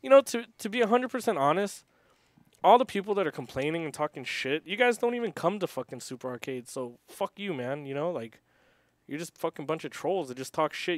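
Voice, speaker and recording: A young man who owns an arcade, talking on a casual livestream, swearing heavily and hitting back at critics while reading chat aloud. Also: on the high side. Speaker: arcade owner.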